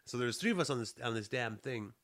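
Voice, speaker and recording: A man telling a long story in casual chat, rambling with many restarts and getting loud and riled as he retells it. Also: mid-range voice, lively intonation, fast.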